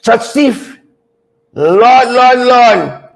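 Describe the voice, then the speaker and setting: A man hosts a comedic commentary show. His voice sits very high for a man. He teases like a preacher and draws out his punchlines. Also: vocal fry, poor audio. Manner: animated, preacher-like teasing with drawn-out punchlines. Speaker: show host.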